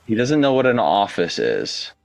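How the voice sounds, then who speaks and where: A man's voice: on the low side, normal speed, creaky, faint music behind. A man playing an online tabletop game, talking casually and poking fun at himself. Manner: lively, self-mocking, laughs easily. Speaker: player.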